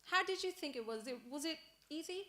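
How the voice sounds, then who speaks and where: A woman runs a training session in a classroom, her voice bright and slightly high. She talks to the group in an animated way and acts out short sample dialogues to make her points. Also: brisk. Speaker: teacher leading a training workshop. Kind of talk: workshop presentation.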